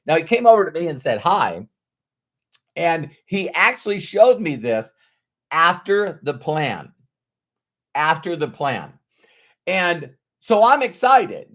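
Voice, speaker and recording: Slow, emphatic male business trainer. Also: a little high, very animated, a bit bright. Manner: storytelling, rhetorical questions, slow emphatic stresses. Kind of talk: motivational training talk.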